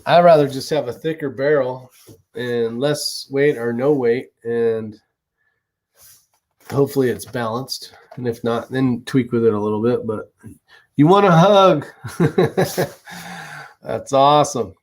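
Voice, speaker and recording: A man with a medium-pitched, steady, slightly mellow voice takes his time as he hosts a casual stream, and a faint hiss or hum sits under the audio. He reads comments, says hello to viewers, and answers questions in a rambling, chatty way, cursing offhandedly.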